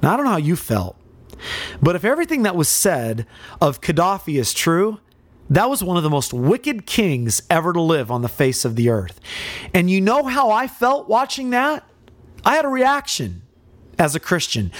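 A man's voice: sits high, sing-song, moderate pace, no room sound. A pastor delivers an expository sermon with drama, pressing his listeners with questions. His voice rises and falls widely. The recording is dry and close.

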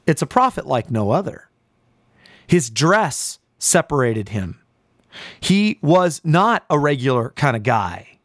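A man's voice: sits high, dry recording, studio quality. A man preaching a sermon in a fiery, emphatic way, with sudden rises in force.

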